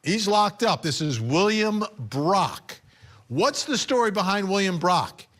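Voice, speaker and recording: A male television host delivers legal news commentary in a conversational, emphatic manner. His voice sits a little higher than most men's. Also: very animated, slow pace, a bit bright.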